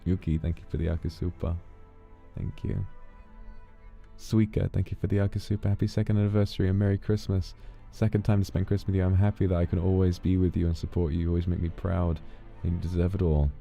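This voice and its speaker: A man with a very dark, mellow, low voice and a gravelly edge talks softly and intimately, thanking his fans and fighting back tears. The audio is dull and lo-fi, with faint music under his voice. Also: flat delivery, fast talker. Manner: soft, intimate, emotional. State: emotional, holding back tears. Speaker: streamer. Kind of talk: casual livestream talk, reading out fan thanks.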